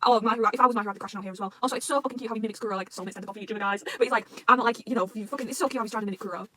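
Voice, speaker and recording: A woman reacting to a manga arc, rambling and swearing often, swinging between rants and excitement. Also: on the high side. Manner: swears constantly, rambling, quick emotional swings.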